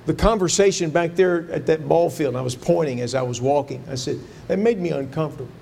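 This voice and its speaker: A man's voice: on the high side, fairly even intonation, brisk, creaky, a little mellow, slight background noise. Earnest male pastor preaching a sermon. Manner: earnest storytelling, rising to fervent pleading when quoting his prayer.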